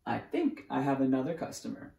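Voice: mid-range voice, wildly swooping pitch, fairly quick, vocal fry, dark tone, lo-fi sound, a little hiss or hum. A reader voicing a confident little girl hotel keeper. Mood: proud. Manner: polite and self-assured. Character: bossy little girl playing hotel owner. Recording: roomy echo.

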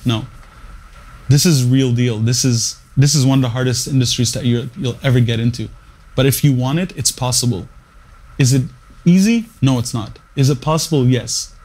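A man's voice: medium pitch, steady tone, normal speed, darkish tone. A man who works as a radio morning show producer, speaking in an interview, telling his story and giving career advice in short, emphatic phrases with frequent restarts.

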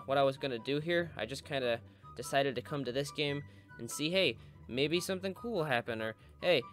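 A young gaming video host with a mid-range, fairly bright voice jokes sarcastically over footage of his own play, slipping in goofy mock-villain asides.

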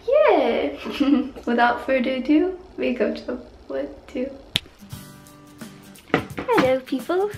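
A fairly high-voiced young woman in her twenties talks straight to her viewers in a chatty, giggly vlog style. She keeps dropping little Japanese words into her English. Soft music plays faintly underneath. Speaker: vlogger. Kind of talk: casual vlog chat.

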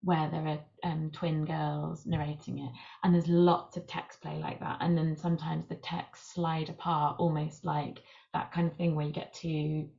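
An author appearing as a guest thoughtfully explains her writing process. Her low, mellow voice has vocal fry, a level tone, and a measured pace, captured on a muffled lo-fi recording.

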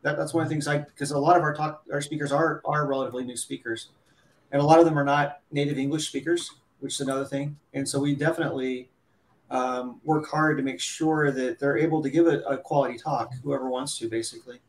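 A man's voice: medium pitch, fairly even intonation, fast, reverberant, a little hiss or hum. A man co-hosting a casual live panel chat, talking in a rambling way and often restarting his sentences. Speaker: co-host, conference organizer.

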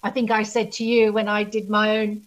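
A woman guest and author telling stories in a casual interview, animated and full of restarts. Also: mid-range voice, moderate pace, poor audio. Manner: animated storyteller, many restarts. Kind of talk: casual video interview chat.

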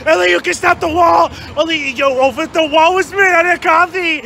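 Man doing a desperate superfan, very high-pitched, gravelly, shouting, crude begging rant, outdoors on a street. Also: steady tone, moderate pace, some chatter behind, slight background noise, exaggerated voice. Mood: shouted begging. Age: young adult. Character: manic, desperate young male political superfan. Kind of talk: improvised comedy rant.

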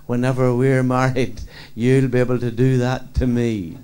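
A man voicing a man who talks very slowly to keep a stammer away. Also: mid-range voice, level tone, mellow, clear, resonant tone, natural voice. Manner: very slow, drawn-out speech. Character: slow-talking Irish man who cured his stammer.

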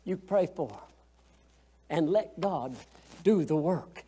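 A man's voice: fairly high pitch, lively intonation, slow pace, dark tone, breathy edge. A man teaching a Sunday school lesson, folksy and colloquial, asking the class questions as he goes.

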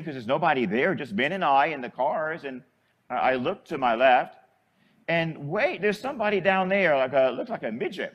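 A man, a Catholic priest, delivering a homily as an animated storyteller who chuckles as he goes. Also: a little high, husky.

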